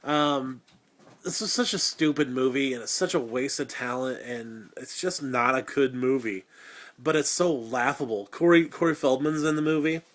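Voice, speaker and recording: A man's voice: mid-range voice, moderate pace, fairly bright tone. A man in his thirties hosting a casual horror movie review, crude and sarcastic, rambling with lots of fillers. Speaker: host.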